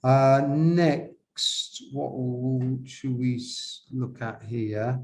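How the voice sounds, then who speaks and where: Guy going over an essay on screen, slow and halting, lots of questions to viewers, mid pitch. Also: darkish tone. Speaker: IELTS examiner teaching writing. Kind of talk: classroom-style essay correction.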